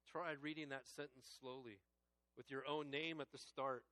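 A male pastor preaching a sermon, earnest and personal, moving between hushed reflective passages and raised, emphatic preaching. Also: on the high side, a little slow, no room sound. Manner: earnest and personal, addressing listeners as friends.

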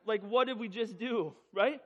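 A man with a high voice, at normal speed and in dull audio, relates a personal story to an audience. He's animated, funny, and self-mocking, doing the voices as he goes.

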